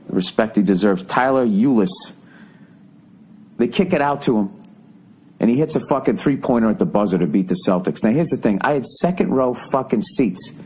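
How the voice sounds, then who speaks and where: Middle aged guy, husky voice, swearing nonstop in a funny rant, gets loud and worked up. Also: on the low side. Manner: loud, exasperated storytelling with heavy swearing. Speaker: podcast host. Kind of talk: profane comedic rant.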